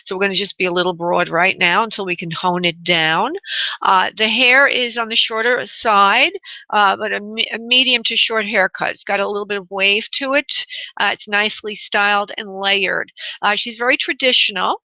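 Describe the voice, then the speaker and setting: A woman hosting a call-in radio show as a medium, talking affectionately to callers and calling them honey, with frequent pauses and restarts. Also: mid-range voice, fairly even intonation, bright, forceful tone, dry recording, lo-fi sound. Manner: hesitant, many pauses and restarts. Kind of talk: casual call-in radio chat.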